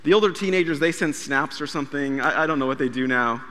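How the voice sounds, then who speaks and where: A man in his thirties, a pastor, preaching a sermon and telling a story, acting out quoted dialogue with animated delivery. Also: a little high, quick pace, big-room sound. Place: church sanctuary.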